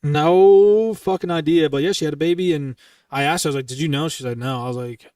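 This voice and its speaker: A young man telling military stories in casual, profane style, bluntly and with lively quoted dialogue. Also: medium pitch, very fast, no room sound, clean studio sound, far from the mic. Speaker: streamer recounting military stories.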